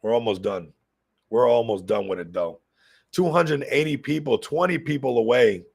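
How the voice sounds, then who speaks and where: A man hosting a casual crypto livestream, excitable and hyped, constantly talking to his viewers while a little sick. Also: mid-range voice, moderate pace, gravelly, husky.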